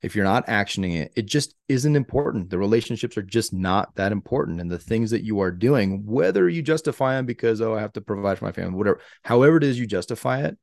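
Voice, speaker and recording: Low gravelly man, earnest pep talk. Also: expressive, quick pace, hardly any pauses, darkish tone, no room sound, clean studio sound. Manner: earnest, motivational, lots of filler words. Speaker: podcast co-host. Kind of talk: casual chat.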